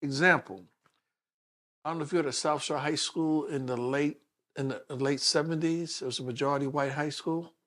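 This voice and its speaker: Brief: New man, sixties, interview guest, lively storyteller, slightly high voice. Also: moderate pace. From Brooklyn, New York. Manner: animated storyteller who acts out the people he quotes. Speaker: guest, detective. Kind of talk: personal storytelling in a sit-down interview.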